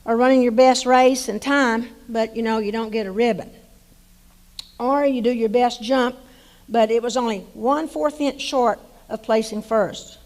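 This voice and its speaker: A woman's voice: fairly high pitch, steady tone, unhurried, a little mellow, rough recording. An older woman with an East Texas accent, a former coach giving a folksy, rambling acceptance speech at a banquet and telling stories with many restarts. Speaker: hall of fame inductee, former coach.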